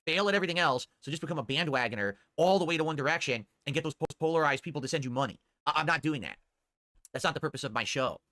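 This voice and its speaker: A man's voice: fairly high pitch, lively intonation, rapid-fire, pushed and bright, no echo, studio quality. A man streaming live, chatting casually and answering viewer tips in a rambling way that repeats itself. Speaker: livestreamer.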